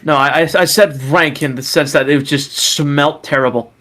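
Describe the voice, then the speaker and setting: A man's voice: on the high side, fairly even intonation, moderate pace, sharp tone, soft background music. A man co-hosting a casual podcast chat, giggly and rambling with stammering restarts. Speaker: podcast co-host.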